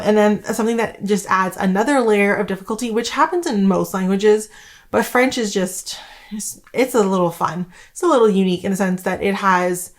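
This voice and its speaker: A woman from Canada, in her thirties, talking casually to camera about homeschooling, rambling with many fillers. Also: medium pitch. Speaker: homeschooling vlogger.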